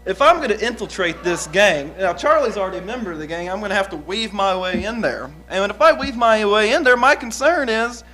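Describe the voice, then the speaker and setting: A man's voice: sits high, animated, fairly quick, few pauses. A man playing a young, uneducated outlaw on the witness stand, talking in a folksy, rambling, hesitant way. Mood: heated. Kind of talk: improvised courtroom drama.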